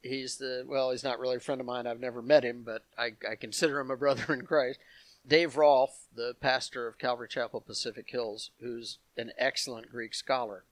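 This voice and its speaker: A man's voice: mid-range voice, fairly even intonation, brisk, dry recording. A man teaching verse by verse from the Bible, reading passages aloud and adding asides to his listeners. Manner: explanatory, reads passages aloud with asides to the congregation.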